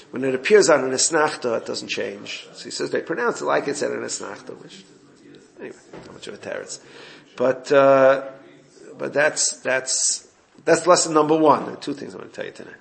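A man's voice: medium pitch, gravelly, fairly bright tone. A man giving an informal Torah class, explaining a text and recounting exchanges with his students. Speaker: Torah teacher.

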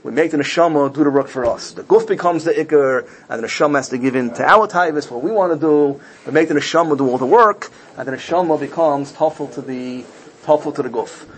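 A man giving a sermon, telling a parable in an animated way and voicing its characters. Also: fairly quick, low-quality recording. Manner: animated storytelling, voicing characters with big pitch jumps. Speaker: rabbi.

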